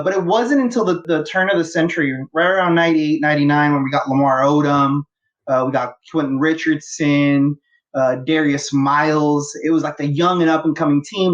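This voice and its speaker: A man in his thirties from Los Angeles, talking as a podcast guest in an eager, rambling way with many fillers and restarts. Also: fairly high pitch. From Los Angeles, USA. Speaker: guest, fan. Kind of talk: casual podcast interview. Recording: dull lo-fi audio.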